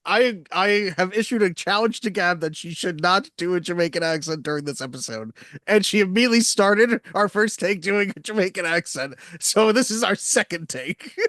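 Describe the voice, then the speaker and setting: A man's voice: sits high, expressive, moderate pace, fairly bright tone, dry recording. A man co-hosting a movie podcast, teasing his co-host with dry humor and laughing often. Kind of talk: casual chat.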